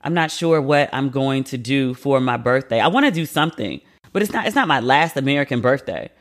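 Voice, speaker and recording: This man hosts a podcast and talks in an easygoing, everyday rhythm that runs brisk, his voice sitting in the mid-range. Chatty and expressive, he drifts from one plan to the next, cursing casually and laughing at his own expense.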